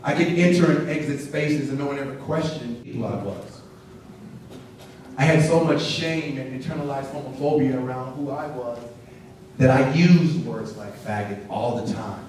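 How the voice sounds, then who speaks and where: A man's voice: mid-range voice, moderate pace, a little mellow, slight background noise. A man giving an earnest personal story to an audience, acting out the dialogue as he goes. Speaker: speaker at a symposium. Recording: echoey hall, voice from far off.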